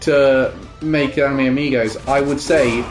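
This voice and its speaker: A man chatting while playing a game, rambling and pausing mid-thought. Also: mid-range voice, steady tone. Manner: rambling, halting storytelling. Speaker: co-host. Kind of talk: casual gaming chat. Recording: roomy sound with music behind.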